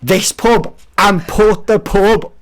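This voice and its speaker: A man's voice: sits high, slow. A man, a podcast guest animatedly telling a story and acting out the voices of the people in it. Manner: animated, acts out quoted voices. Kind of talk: casual storytelling.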